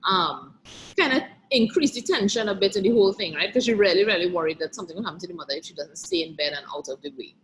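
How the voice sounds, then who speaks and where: A woman's voice: lowish voice, lively intonation, fast talker, a little hiss or hum, rough recording. A woman teacher reviewing an exam paper and reading a play extract aloud, explaining as she goes and often checking in with "right?".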